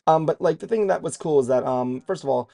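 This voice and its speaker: A man's voice: a little high, a little fast, gravelly, mellow. A man co-hosting a trailer reaction show in casual chat, rambling and self-deprecating and swearing freely as he goes.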